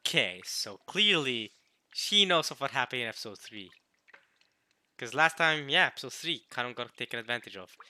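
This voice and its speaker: A man playing through a visual novel who thinks out loud, often puzzled, and restarts his sentences as he works through what he reads. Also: mid-range voice, very animated, moderate pace. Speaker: let's play host. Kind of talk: casual commentary while reading a visual novel.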